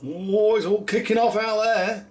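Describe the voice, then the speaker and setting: A man's voice: high-pitched, steady tone, unhurried, a little mellow. A man chatting casually in a home video diary, rambling and self-mocking. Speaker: vlogger.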